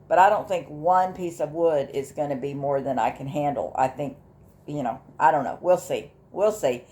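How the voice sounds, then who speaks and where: An older woman, talking casually in a personal vlog, halting with fillers and restarts, emotional and close to tears at times. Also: low voice, a little mellow. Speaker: vlogger sharing her grief journey.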